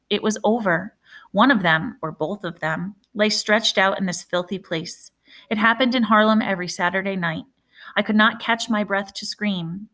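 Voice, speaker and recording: A woman reads a novel aloud in a hushed, measured voice of middling pitch. She lets phrases hang in dramatic pauses, drawing the tension out slowly. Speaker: reader.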